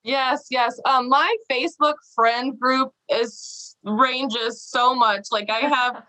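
A woman's voice: high-pitched, fairly even intonation, takes it slowly, bright, forceful tone, low-quality recording. A woman guest on a casual podcast interview, bubbly and laughing often, acting out quoted voices as she tells her story. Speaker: podcast guest, small business owner.

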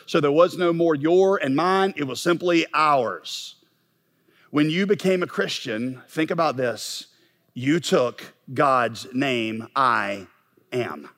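A man's voice: fairly high pitch, a bit bright. A middle-aged man preaching a sermon as pastor, impassioned and building to emphatic peaks.

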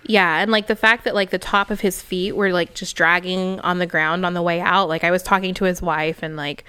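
A woman's voice: on the low side, steady tone, fairly quick, sharp tone, clear, resonant tone. A woman telling a story in casual chat, chatty and often laughing as she talks. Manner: chatty, laughs while talking.

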